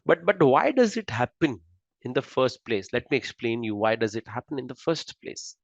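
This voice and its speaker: A man with an Indian accent talks an audience through his slides, keeping it loose and asking "right?" after nearly every point. His voice sits at an ordinary pitch. The recording is dry and a touch dull, with little room sound and a slightly muffled top end. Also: expressive, normal speed, creaky, dry recording. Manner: conversational, keeps asking "right?". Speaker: lecturer. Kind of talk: presenting a lecture with slides.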